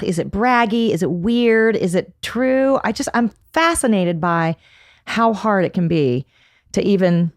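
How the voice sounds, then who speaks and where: A middle-aged woman guesting on a podcast, thoughtful and reflective as she talks about parenting. She has a medium-pitched voice. The recording is dry and close. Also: dry recording. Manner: thoughtful, reflective, warm laughter. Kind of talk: casual chat.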